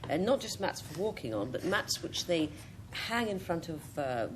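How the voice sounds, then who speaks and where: Low-voiced woman with lively pitch. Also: normal speed, slight background noise. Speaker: panellist.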